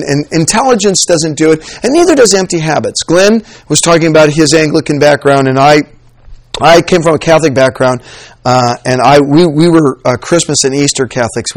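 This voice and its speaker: A man preaching a humorous sermon, animated and joking as he acts out examples for his church audience. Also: fairly high pitch, no room sound. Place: church with slides.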